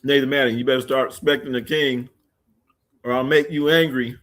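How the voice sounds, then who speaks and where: Male sports livestream host, casual and joking, reacting loudly to chat; mid-range voice. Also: medium pitch, fairly quick. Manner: loose, joking, animated bursts. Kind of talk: casual chat reading live comments.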